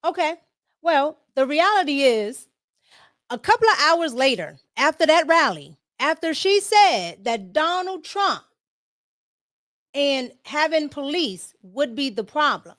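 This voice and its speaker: A woman's voice: sits high, sing-song, slow, a bit bright, no room sound, clean studio sound. A woman from Washington, D.C. hosting a livestream, giving casual political commentary in a chatty way and checking in with her viewers as she goes. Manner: chatty, repeats "okay?" to the viewers. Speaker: livestream host.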